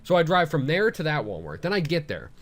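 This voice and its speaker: A man of about twenty telling a long story on a casual podcast, animated and profane, with lots of fillers like "like" and "um". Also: on the high side, a little fast. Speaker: podcast host.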